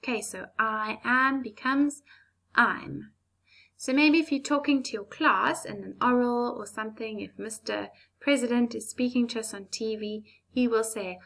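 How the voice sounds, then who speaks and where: A woman teaching an English lesson to young children, slow, clear and patient with playful asides. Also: a little high, fairly bright tone. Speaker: primary school teacher.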